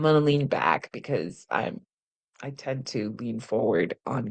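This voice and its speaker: A woman's voice: rumbling low, expressive, measured pace. A woman who is a singing teacher and hosts the show, leading a somatic exercise lesson from a chair on camera. She is playful, laughs often and demonstrates the exercises with vocal sounds. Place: seated in a chair at home studio, on camera.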